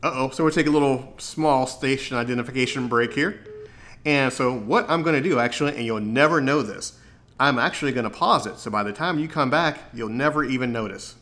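A man hosting his own show, chatting casually and describing places in a relaxed, rambling way. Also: mid-range voice, a little fast. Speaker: podcast host. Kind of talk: casual chat.

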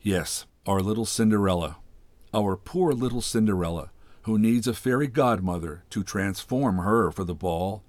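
A man's voice: fairly low pitch, moderate pace, a little mellow, no room sound, lightly acted. A man voicing a vain, petulant society woman who huffs and sulks in a storybook reading. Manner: huffy, sulky retorts.

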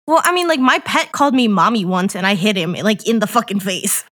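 A woman's voice: medium pitch, expressive, brisk, fairly bright tone. A young woman co-hosting a podcast, telling blunt, profane stories in casual chat. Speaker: podcast co-host.

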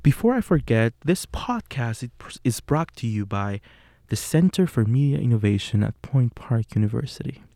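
A young man with a Puerto Rican accent hosting a podcast, talking in an unhurried, casual way with many fillers and self-corrections. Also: mid-range voice, big pitch swings, warm tone, no room sound, clean studio sound. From Puerto Rico. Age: young adult. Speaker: podcast host.

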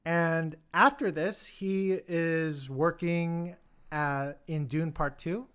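A man co-hosting a casual podcast chat, hesitant, with many fillers and quick restarts. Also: a little high, steady tone, fairly bright tone, smooth. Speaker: podcast co-host.

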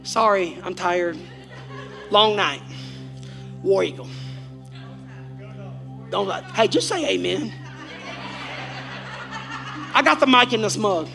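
A man preaching a Sunday sermon as pastor, animated and swinging between shouted lines and quiet asides. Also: high voice, slow, creaky, pauses often, music in the background.

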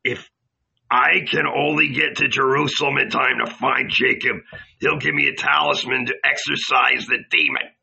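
A man's voice: medium pitch, fairly even intonation, normal speed, creaky, pushed and bright, breathy edge, dull audio, exaggerated voice. A man voicing a frightened male robber who murmurs in fear. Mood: fearful. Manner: murmuring, fearful.

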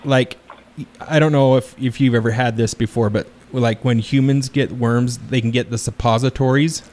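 A man's voice: mid-range voice, steady tone, normal speed, darkish tone, a little hiss or hum. A man hosting a podcast, making a prank phone call with feigned earnest worry and a straight face. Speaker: podcast host.

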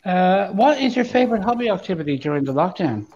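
A man's voice: high voice, very animated, quick pace, a little mellow, dull audio, slight background noise. A man hosting a casual group call, teasing his friends while he tries to keep order. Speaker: host.

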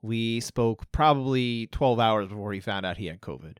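A man's voice: lowish voice, moderate pace, smooth, no room sound. Dry-sounding male podcast co-host. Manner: chatty, tells anecdotes. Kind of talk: casual podcast chat.

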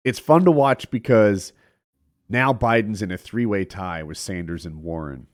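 A man chatting casually about politics on a podcast, animated and laughing easily. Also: fairly low pitch, measured pace. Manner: animated, laughs often, trails off.

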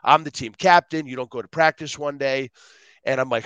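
A middle-aged man, a guest on an interview show, telling stories in an animated, rambling way. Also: medium pitch, a little fast, clean tone, no room sound, lo-fi sound. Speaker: guest speaker. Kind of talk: casual interview storytelling.

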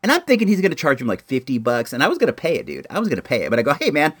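A chatty man talks to his camera in a loose, easygoing way, his voice leaping high and dropping low as he gets excited. His pitch sits in an ordinary middle range. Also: very fast, slightly rough. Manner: laid-back and chatty, full of "like" and "dude"; excitable, voice jumping up and down. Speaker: toy collector reviewing action figures. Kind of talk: casual chat to camera.

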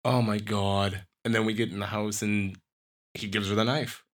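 A man's voice: on the low side, steady tone, normal speed. A man co-hosting a casual movie review podcast, recapping scenes in a wry, play-by-play way. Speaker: podcast co-host. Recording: lo-fi podcast audio.

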